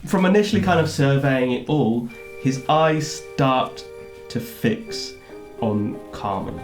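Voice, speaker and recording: A man running a tabletop game, narrating haltingly with many ums and laughs. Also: mid-range voice, animated, faint music behind. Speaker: game master.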